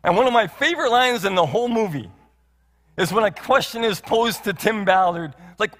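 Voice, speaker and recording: A male pastor delivers an earnest sermon in a church sanctuary, his voice sitting high, expressive, and a bit bright at a normal speed. He asks many rhetorical questions and repeats phrases, all carried by long hall reverb.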